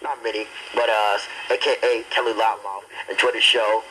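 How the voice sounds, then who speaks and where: Hyped, sharp-voiced amateur DJ man. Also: on the low side, moderate pace, a little hiss or hum, poor audio. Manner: hyped, repetitive, trash-talking banter; loud and excitable. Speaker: amateur DJ host. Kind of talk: homemade party-line show on tape.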